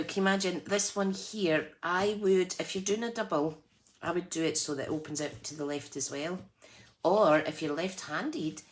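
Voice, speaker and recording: A woman's voice: sits low, slight background noise. A woman hosting a live crafting tutorial, chatty and self-deprecating, laughing often as she works. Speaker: craft channel host.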